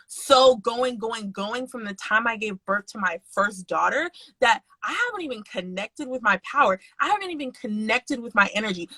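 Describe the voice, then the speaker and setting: Young woman, mom co-host, blunt and profane, bright forceful voice, dry close sound. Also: a little high, no room sound, poor audio. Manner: frank, profane, animated storytelling. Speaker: podcast co-host. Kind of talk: candid casual chat.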